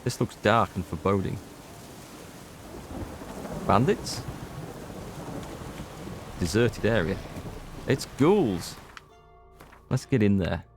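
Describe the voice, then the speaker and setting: Over music, a man with a lowish voice and a North Yorkshire English accent speaks slowly, with long pauses. He's a let's play gamer from North Yorkshire, England, casually chatting and rambling to viewers while he plays.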